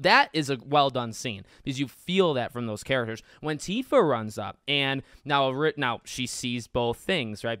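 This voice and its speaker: A man's voice: medium pitch, clear, resonant tone, dry recording, studio quality. A young man hosting a podcast, talking casually and with emphasis about a video game, often restarting his sentences. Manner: animated, emphatic, many restarts. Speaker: podcast host.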